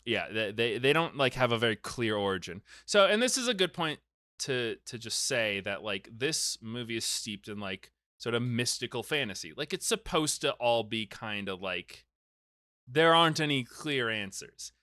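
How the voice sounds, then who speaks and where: A male podcast host recaps a film in casual, animated chat. He jokes and gets mock-angry easily. His voice is bright and forward, recorded dry and close. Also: mid-range voice, normal speed, dry recording. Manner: animated and joking, easily worked up.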